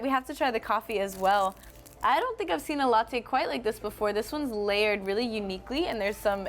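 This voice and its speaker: A woman's voice: mid-range voice, a little hiss or hum. A young woman from North Carolina, hosting a casual live-stream chat, friendly and chatty, reading viewer comments aloud. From North Carolina, USA. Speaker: host.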